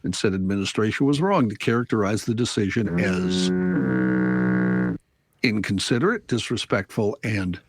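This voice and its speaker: A man reading news items on a talk show, in a measured newsy delivery. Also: lowish voice, music in the background.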